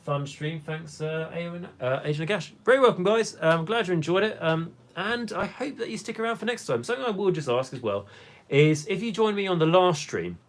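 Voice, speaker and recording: A man's voice: on the high side, animated, fairly quick. A young man hosting a hobby live stream, chatting casually and rambling with many fillers while he reads the chat.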